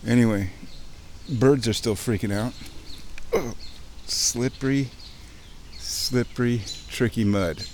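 A man giving casual running commentary to himself while wading through a muddy creek outdoors, chatty, with sudden excited bursts. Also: fairly low pitch, a little slow, long pauses, a little hiss or hum. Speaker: outdoor vlogger. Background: birds chirping.

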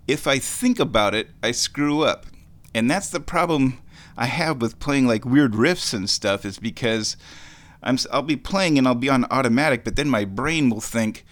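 A man's voice: medium pitch, normal speed, fairly bright tone. Easygoing, rambling male radio host. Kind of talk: casual solo radio talk.

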